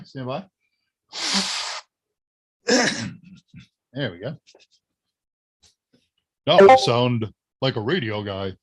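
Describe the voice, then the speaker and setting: A man's voice: sits high, a bit bright. A man hosting a live tech Q&A stream, chatting casually and answering viewer questions. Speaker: livestream Q&A host.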